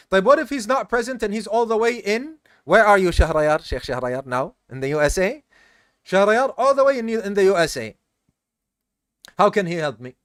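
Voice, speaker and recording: A tired man with a high, slightly bright voice teaches a live Islamic study course, explaining step by step, quizzing students and using Arabic terms. The recording is studio quality, with no echo.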